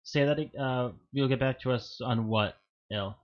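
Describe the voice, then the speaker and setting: A man's voice: medium pitch, moderate pace, dull audio. A man running a tabletop game, asking the players easygoing questions. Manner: laid-back, asks players questions. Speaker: game master.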